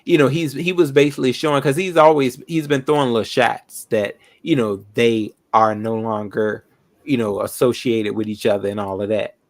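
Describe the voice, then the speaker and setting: A man's voice: medium pitch, fairly even intonation, moderate pace. A man hosting a casual chat, talking in a loose, rambling way full of fillers. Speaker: host.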